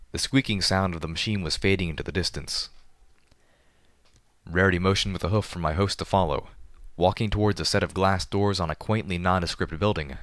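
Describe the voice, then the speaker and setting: A man reading a story aloud in a steady, measured narration. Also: low voice, no room sound, studio quality. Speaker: audiobook reader. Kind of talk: fan fiction audiobook narration.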